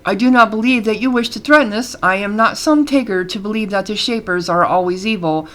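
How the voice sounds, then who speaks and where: A woman's voice: mid-range voice, fairly quick, fairly bright tone, natural voice. A woman voicing a proud, muscular female serval guard in a game, speaking formally and earnestly.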